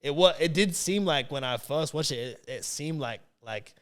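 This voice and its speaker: A man's voice: a little high, expressive, moderate pace, fairly bright tone. A man hosting a podcast in casual chat, rambling with many fillers and restarted sentences. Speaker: podcast host.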